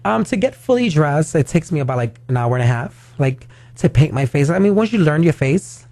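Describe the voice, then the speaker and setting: Brief: male drag queen guest in a radio studio, mellow timbre, dry sound, rambling and chatty. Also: a little high, big pitch swings, brisk, no room sound. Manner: chatty, heavy on "like" fillers. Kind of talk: casual radio interview chat.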